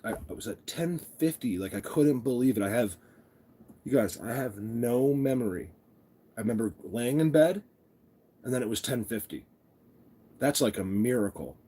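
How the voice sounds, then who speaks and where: His voice is fairly low, a little mellow, and husky. Just out of bed and groggy, this vlogger hosts a casual live stream from his phone camera, rambling and welcoming viewers by name.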